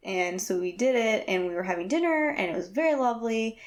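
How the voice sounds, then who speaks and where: A woman in casual conversation, rambling through a story with many fillers and animated quotes. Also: mid-range voice, a little fast. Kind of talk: casual chat.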